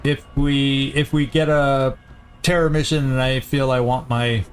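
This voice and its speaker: A man hosting a let's play, giving casual gameplay commentary as he thinks aloud, often halting and restarting. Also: mid-range voice, level tone, clear, resonant tone, soft background music.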